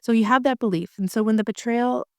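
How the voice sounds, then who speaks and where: A woman's voice: fairly high pitch, fast talker, clean tone, no echo, clean studio sound. A woman working as a marriage coach, talking casually and chattily with many fillers and restarts.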